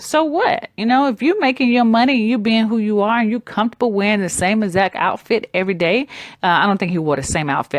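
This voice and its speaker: A woman's voice: fairly low pitch, no echo. Southern lady in her 40s chatting on her podcast, emphatic, talks to you like a friend, dry recording. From Southern United States. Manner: conversational and emphatic, addresses listeners as "guys". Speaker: branding coach and podcast host. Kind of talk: casual solo podcast talk.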